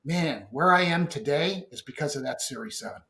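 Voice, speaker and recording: A man's voice: on the high side, animated, a little fast, sharp tone, slight background noise. A man co-hosting a live stream, chiming in with short, agreeable remarks. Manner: brief, agreeable interjections. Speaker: co-host. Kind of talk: casual live-stream chat. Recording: echoey room sound.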